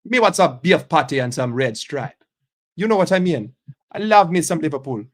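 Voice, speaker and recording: A man puts on a cheerful Jamaican character with a Jamaican accent. He speaks loudly and playfully, in a slightly high voice. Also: expressive, moderate pace.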